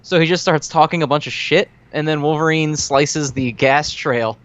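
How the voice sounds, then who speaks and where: Male podcast co-host, higher voice, smooth and resonant, profane sarcastic recaps; dull, dry lo-fi mic. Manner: rapid, profane plot-recapping with sarcastic asides. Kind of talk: casual movie recap chat.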